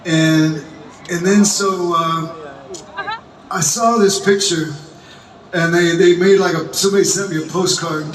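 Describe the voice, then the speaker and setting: Man, high voice, halting onstage storytelling, stage mic, booming festival PA heard from far off, crowd noise. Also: fairly even intonation, roomy sound. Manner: halting, many restarts, laughing asides. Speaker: rock singer addressing festival crowd. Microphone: stage microphone through PA. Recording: distant crowd recording over loud PA.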